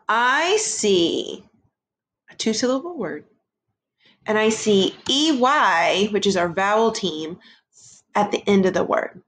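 Slow, lively-voiced woman teaching phonics. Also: medium pitch. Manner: slow, lively, sing-song teacher voice, sounding words out. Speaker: first grade teacher. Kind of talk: phonics lesson for young children.

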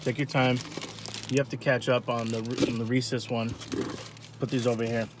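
A man's voice: mid-range voice, level tone, moderate pace, background noise. A man from Rhode Island hosting a food vlog, chatting casually over a meal and talking to viewers. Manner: chatty, addresses viewers as guys.

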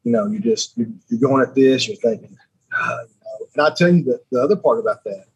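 A man's voice: mid-range voice, fast talker, darkish tone, husky, poor audio. A man, a podcast guest telling stories in a rambling, chatty way. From Alabama. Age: 30s. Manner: rambling, repeats words, laughs often. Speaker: podcast guest, sheriff's lieutenant. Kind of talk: casual storytelling chat.

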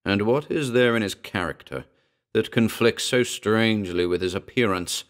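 Man reading as a bitter brooding writer, tense, kinda low voice. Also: normal speed, close to an everyday voice. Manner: tense, agitated.

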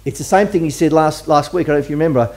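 Chatty male pastor with a higher voice. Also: rapid-fire, a little mellow. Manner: chatty, asks the congregation questions. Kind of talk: conversational sermon. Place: church service before a congregation.

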